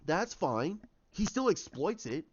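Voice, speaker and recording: A man giving casual commentary on films, rambling and animated, acting out scenes in voices. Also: fairly high pitch, takes it slowly, highs cut off. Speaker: YouTube commentator.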